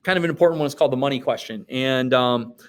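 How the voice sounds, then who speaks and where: Man, from Wisconsin, teacher, class recap lecture, mid-pitched voice, casual and joking, checks in often. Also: quick pace. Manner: casual, joking asides, frequent "okay?" check-ins.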